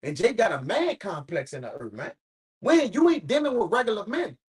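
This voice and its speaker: A man's voice: high voice, sing-song, a little fast, rough recording. A man leading an informal Bible study, preaching emphatically and swearing casually as he talks.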